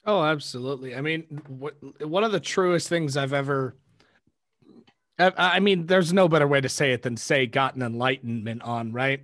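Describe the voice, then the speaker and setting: A man's voice: medium pitch, moderate pace, a bit bright, dry recording. Earnest man in a dry recording. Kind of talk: casual podcast conversation.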